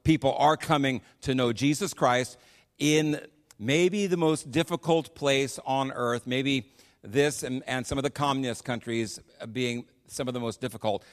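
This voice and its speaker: American man preaching with long church reverb. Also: medium pitch. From United States. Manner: animated storyteller, chatty with frequent restarts. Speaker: missionary preacher. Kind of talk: sermon with storytelling. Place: church sanctuary on a PA system.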